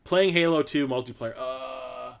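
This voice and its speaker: A man's voice: medium pitch, unhurried, creaky. A young adult man hosting a casual live-stream chat, rambling through stories and laughing often. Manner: rambling storyteller, laughs often, acts out quotes loudly.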